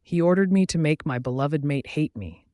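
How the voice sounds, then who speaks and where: A man reading a first-person romance audiobook aloud, dramatic and shifting between hushed and raised delivery. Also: a little high, moderate pace, dry recording, studio quality. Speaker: audiobook narrator.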